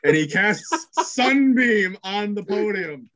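A man's voice: high voice, expressive, a bit bright, poor audio. A man narrating chaos as game master of a tabletop game, cursing and filling gaps with ums. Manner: rapid, crude narration full of fillers.

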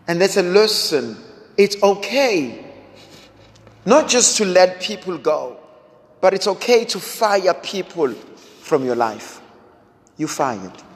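A man preaching a sermon, slow and dramatic, building through repeated rhetorical questions. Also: on the high side. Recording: long hall reverb.

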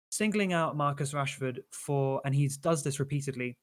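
A man's voice: mid-range voice, moderate pace. Guy on a football podcast, earnest and critical, lots of ums and restarts. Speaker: podcast co-host. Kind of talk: casual football chat.

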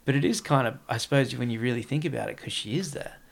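A man talks in a loose, meandering way, leaning on "like" as he goes. His voice is gravelly with a creaky edge, sitting at an ordinary middle pitch. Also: fast talker. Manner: rambling, heavy use of "like". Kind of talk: casual podcast chat.

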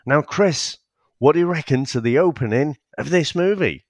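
A man in a casual podcast chat who sounds easygoing and often chuckles. His pitch moves around expressively, and he swears freely. The recording is close and dry. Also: expressive, moderate pace, dry recording. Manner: laid-back, sweary, chuckling. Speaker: podcast co-host. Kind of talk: casual film review chat.

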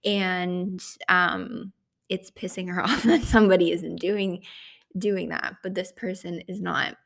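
A woman's voice: lowish voice, steady tone, a little slow, vocal fry. A young woman hosting an astrology podcast, talking casually and chattily with lots of fillers. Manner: chatty, full of "like" and "right?" fillers. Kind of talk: casual solo podcast talk.

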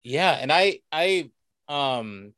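A man's voice: fairly high pitch, animated, very slow, fairly bright tone, dry recording. A man from the United States, a cosplayer guest, chatting casually and telling anecdotes with enthusiasm. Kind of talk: casual conversational storytelling.

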